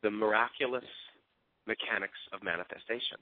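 A man's voice: fairly low pitch, fairly quick, dry recording. A man giving an earnest, openly emotional motivational talk as a team coach. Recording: tinny phone-line sound.

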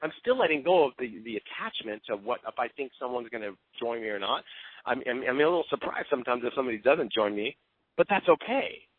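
A man's voice: medium pitch, animated, fast talker, husky, dry recording. A man giving an earnest, openly emotional motivational talk as a team coach. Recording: tinny phone-line sound.

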